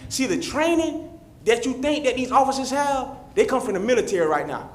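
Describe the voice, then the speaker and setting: Fervent high-voiced man. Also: big pitch swings, fairly quick. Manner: fervent, repetitive, addresses officials directly. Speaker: public commenter. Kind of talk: impassioned public comment. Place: city meeting chamber. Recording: roomy echoey chamber.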